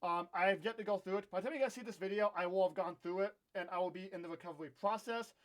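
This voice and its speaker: A young man with a notably high speaking voice tells a casual storytime vlog straight to his camera. He rants candidly and often pokes fun at himself. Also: fast, a bit bright. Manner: candid, ranting, self-deprecating. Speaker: vlogger. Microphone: own camera.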